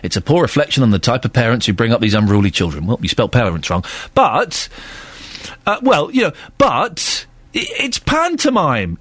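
A man's voice: mid-range voice, normal speed, breathy edge, no echo. A man hosting a radio phone-in from the studio, chatting jokily and reading listener emails aloud. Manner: jokey, animated, reads listener emails aloud. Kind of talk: casual radio chat. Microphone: studio microphone.

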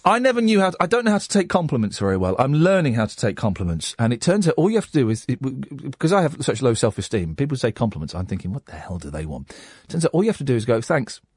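A man's voice: mid-range voice, racing, hardly any pauses, breathy edge, no echo. A man, hosting a late-night radio phone-in in a chatty, self-mocking way. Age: 40s. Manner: chatty, self-mocking, lively banter with the studio team.

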